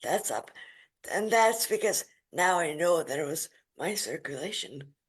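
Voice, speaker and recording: Husky low-voiced woman telling her story. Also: a little slow. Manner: lively, emphatic storyteller. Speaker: podcast guest. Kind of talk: casual interview storytelling.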